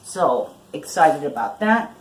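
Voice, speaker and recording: A woman's voice: low-pitched, sing-song, slow pace, reverberant, poor audio. An older woman chatting casually in a vlog, gushing over her thrift-store finds. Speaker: vlogger.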